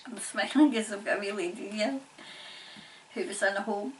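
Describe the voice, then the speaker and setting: A Scottish woman working as a psychic medium, talking in a halting, repetitive way and laughing often. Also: medium pitch, distant mic, a little hiss or hum, poor audio. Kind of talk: channelling session, casual monologue.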